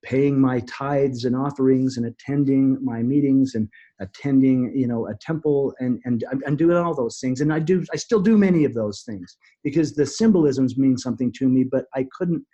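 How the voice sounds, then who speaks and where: A middle-aged man telling a personal story as a podcast guest, earnest and halting, often restarting his sentences. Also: medium pitch, dark tone, muffled recording. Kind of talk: storytelling in an interview.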